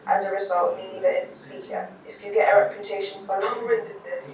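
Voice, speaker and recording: A student reads a passage aloud at a plain, steady pitch. The voice sounds distant and dull, lost in the heavy echo of a classroom. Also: a little fast. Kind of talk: reading a text aloud. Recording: dull, echoey, distant room recording.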